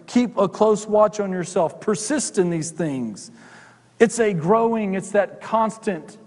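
A middle-aged male pastor preaching a sermon, conversational, with joking asides to the congregation. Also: sits high. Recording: long hall reverb.

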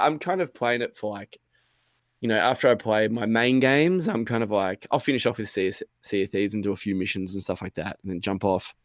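A man's voice: on the low side, no echo, studio quality. A young man co-hosting a gaming podcast, telling a story in casual chat, swearing freely and acting out both sides of the conversation. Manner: animated, swears a lot, acts out quotes. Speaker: podcast co-host.

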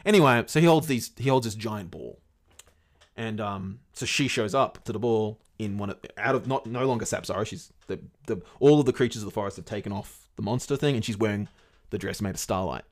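A man's voice: on the low side, a little fast. A man casually retelling a fairy tale to his podcast co-host, rambling and swearing along the way. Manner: rambling, swears often, many fillers.

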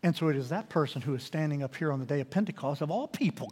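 A man preaching a sermon, animated and swinging from loud declarations to hushed, intimate pleas. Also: a little high, quick pace, hardly any pauses, slightly rough, in a large hall. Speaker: pastor.

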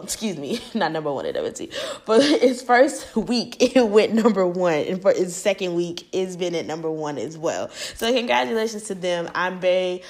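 A young woman from the United States vlogging, giving casual and profane celebrity commentary and acting out the voices she quotes. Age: young adult. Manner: animated, profane, acts out quoted voices high and loud.

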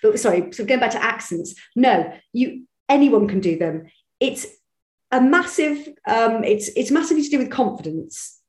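A woman's voice: fairly high pitch, expressive, normal speed, a little mellow. A woman with a lilt talks easily and at length, circling back and restarting her sentences as she goes. She is recorded in a roomy space, and her voice rings a little off the walls. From Bristol, England. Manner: chatty, self-deprecating, many restarts. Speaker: voice actress guest. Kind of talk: casual interview chat. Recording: echoey room.

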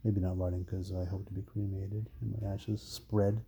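A man's voice: low-pitched, flat delivery, normal speed, gravelly, mellow, a little hiss or hum. A man in his forties chatting casually with his son on a home podcast, cracking dry jokes, recorded on a phone. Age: 40s. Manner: joking, dry wisecracks. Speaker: podcast co-host. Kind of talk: casual chat.

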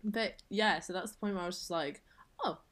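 Low-voiced young woman, chatty guest. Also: brisk, fairly bright tone. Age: young adult. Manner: chatty, self-deprecating, laughs often. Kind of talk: casual podcast chat.

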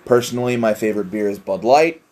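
A man's voice: lowish voice, fast, darkish tone. A young man hosting a casual solo podcast, rambling and self-deprecating, swearing often. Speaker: podcast host.

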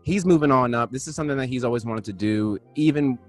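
A relaxed man hosts a podcast in loose, casual talk. His voice sits at an ordinary middle pitch. Soft music plays faintly behind him. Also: fast, no room sound. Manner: laid-back, drops "man" and "you know what I'm saying" often. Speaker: podcast co-host. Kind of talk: casual chat.

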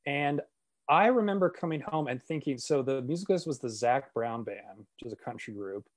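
Guy cohosting a podcast, jokey banter, dry close sound, average pitch. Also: lively intonation, moderate pace, dry recording. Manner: joking, playful banter. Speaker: podcast co-host. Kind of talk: casual chat.

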